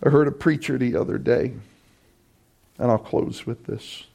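A man preaching a sermon as pastor, impassioned and emphatic, building to loud repeated cries. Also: medium pitch, unhurried, creaky.

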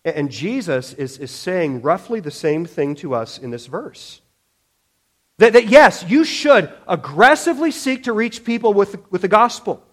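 A male preacher delivers a sermon in a fairly high voice. He presses his points with emphasis, stumbles over repeated words, and slips into quick voiced impressions of other people. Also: sing-song. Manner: emphatic, with frequent restarts and acted-out quotes. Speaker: pastor.

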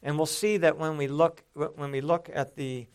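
A man preaching with a gravelly, creaky edge to his voice. He talks earnestly and conversationally, often stopping to restart a phrase before pressing his point. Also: fairly high pitch, steady tone, moderate pace. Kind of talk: sermon.

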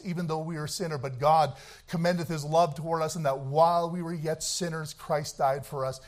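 A man preaching a sermon, swinging between shouted, fiery passages and quieter, conversational talk. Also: a little high.

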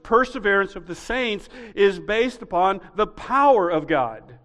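A male pastor delivers a sermon in a high voice at an unhurried pace. He explains patiently, then drives his point home with loud, emphatic stresses. The sound carries a long reverb from a large church room. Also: animated. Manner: emphatic, teaching, rising to loud stressed peaks. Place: church sanctuary.

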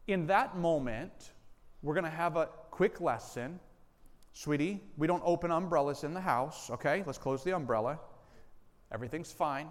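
A male pastor preaching a sermon. He tells a personal story earnestly and repeats key lines for emphasis. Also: fairly high pitch. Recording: long reverb of a large hall.

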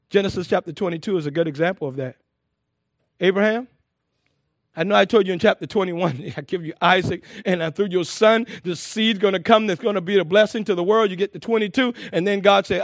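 High-voiced man preaching a sermon. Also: normal speed, no room sound, studio quality. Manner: lively preaching, stresses words, laughs often, repeats phrases.

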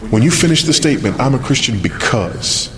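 A man preaching a sermon, earnest and searching, asking pointed questions with pauses for emphasis. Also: mid-range voice, lively intonation, a bit bright, slight background noise. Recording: long hall reverb.

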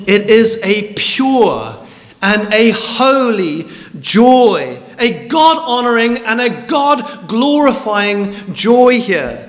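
A man preaching a sermon in a high, animated voice that rises and falls widely. He speaks slowly and with emphasis, often repeating words for stress. The sound rings with the long reverb of a large, echoey hall.

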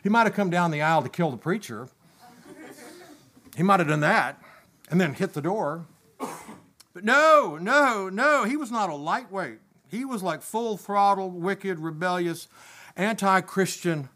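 A man preaching a sermon, impassioned, swinging from emphatic peaks down to low, quiet asides. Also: animated, unhurried.

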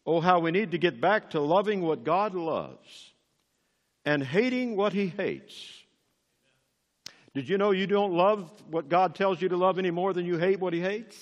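A man's voice: high voice, lively intonation, moderate pace, in a large hall, lo-fi sound. An older man preaching a sermon as pastor, emphatic and rising on key words.

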